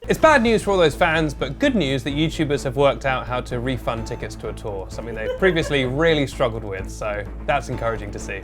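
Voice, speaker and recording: A man hosting a comic news show in a dry, deadpan, mock-serious way. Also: mid-range voice, fairly quick, few pauses, over music. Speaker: host. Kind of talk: comedic news commentary.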